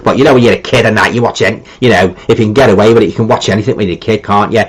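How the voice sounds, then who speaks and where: Middle-aged scouse guy hosting a live stream, reads chat out loud, lots of ums and restarts, chill and informal. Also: lowish voice, steady tone, racing, slightly rough, poor audio. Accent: Liverpool. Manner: rambling and chatty, with many ums and repeated restarts; easygoing and informal, with colloquial phrasing. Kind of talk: casual chat reading out viewer comments.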